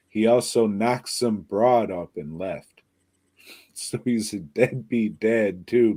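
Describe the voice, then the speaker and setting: A man's voice: fairly low pitch, dark tone, no room sound. A man co-hosting a podcast, rambling and crude in casual chat about a movie. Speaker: podcast co-host.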